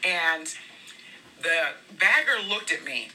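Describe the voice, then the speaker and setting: Very bright earnest devotional speaker. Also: mid-range voice, big pitch swings, slow pace, a little hiss or hum. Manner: earnest, conversational storytelling. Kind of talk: devotional talk with personal testimony. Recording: voice a bit far from the mic.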